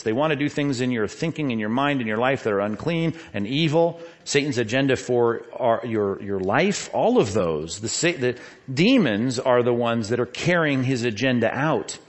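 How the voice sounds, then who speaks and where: A middle-aged man preaching a sermon as pastor, animated, with frequent rhetorical questions. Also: medium pitch, normal speed.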